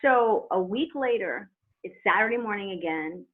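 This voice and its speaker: A middle-aged woman, a former wrestler, telling her story as a guest in an animated, chatty way with laughs. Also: medium pitch, moderate pace. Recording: tinny phone line.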